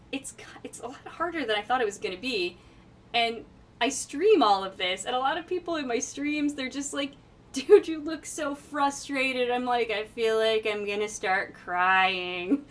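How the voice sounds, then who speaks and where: A woman's voice: a little high, fairly bright tone, far from the mic, slight background noise. A woman talking casually in a vlog about her gaming, chatty, with frequent laughs and fillers. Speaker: gamer vlogger. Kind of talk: casual chat.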